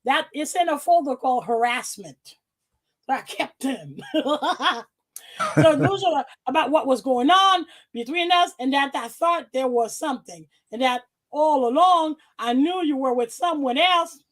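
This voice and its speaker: High voiced woman on a podcast, swearing and laughing while reading out her emails. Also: measured pace. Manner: profane, animated, laughing often.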